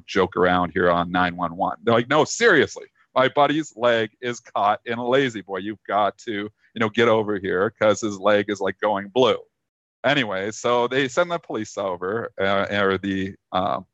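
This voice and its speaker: A man on a live talk show telling a long, rambling anecdote full of fillers, with lively quoted voices for the people in it. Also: lowish voice, no echo, muffled recording. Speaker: co-host telling a story. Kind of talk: casual storytelling on a live trading show.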